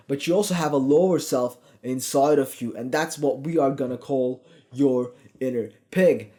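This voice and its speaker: A young man in his twenties delivers a casual, motivational fitness vlog, blunt and heavy with swearing. His voice sits a little high for a man, and he pushes the listener hard. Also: mellow. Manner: profane, blunt, pushy. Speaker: fitness coach.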